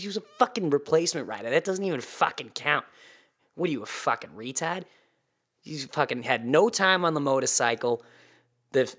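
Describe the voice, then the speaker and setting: A man putting on a loud, profane Boston-accent bro voice to give a comic race report. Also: mid-range voice, voice pushed up. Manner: profane, hyped, drawn-out delivery.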